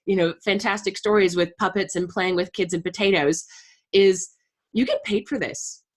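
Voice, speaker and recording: Friendly woman co-host, mid-pitched voice. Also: normal speed. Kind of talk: casual live-stream chat.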